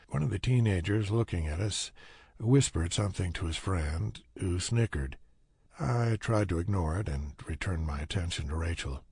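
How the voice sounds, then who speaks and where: A man's voice: low-pitched, animated, normal speed, darkish tone, husky, dry recording. A man narrating a first-person audiobook in a dry, wry storytelling manner.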